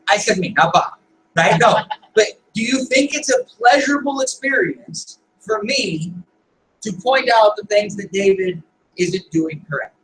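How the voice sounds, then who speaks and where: High, lively male coach in an echoey room. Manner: rhetorical questions, keeps checking with "right?". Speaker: business coach leading a meeting. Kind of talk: coaching talk to a group. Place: meeting room. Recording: echoey room, distant mic, faint noise.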